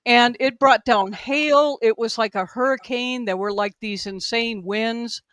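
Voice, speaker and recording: A woman's voice: a little high, measured pace, a bit bright, dry recording. Woman guest, casual storyteller on a video call, dry close sound, meandering delivery packed with fillers. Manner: rambling, filler-heavy, lots of "like" and "um". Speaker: podcast guest.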